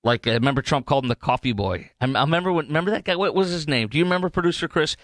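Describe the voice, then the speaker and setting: A man's voice: fairly high pitch, animated, racing, a bit bright, no room sound. A man hosting a political talk radio show, rambling animatedly with many fillers and restarts.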